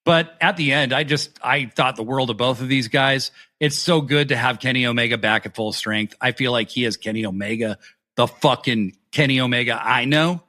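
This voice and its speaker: A man co-hosting a wrestling review podcast, talking excitedly and swearing freely as he recaps matches and acts out the wrestlers' lines. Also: medium pitch, moderate pace. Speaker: podcast co-host. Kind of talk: casual wrestling review chat.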